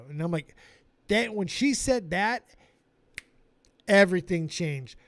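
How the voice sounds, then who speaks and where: A man tells a comic story on a live stream, swearing freely and pitching his voice fairly high. The sound is dry and close to the mic. His delivery is animated and profane. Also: unhurried, no echo.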